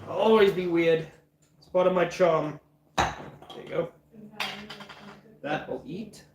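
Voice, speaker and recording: A man's voice: high voice, steady tone, normal speed. Rambling young man cooking in echoey kitchen. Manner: rambling, jokey, talks to chat. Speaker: cooking livestream host. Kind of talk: casual cooking livestream chat. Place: home kitchen. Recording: echoey kitchen with chopping noise.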